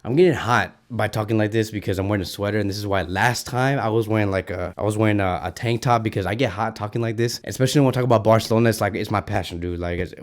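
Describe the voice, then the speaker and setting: A man hosting a football fan channel, giving an excited, ranting reaction to a match and repeating himself when worked up. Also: lowish voice, fast talker, hardly any pauses.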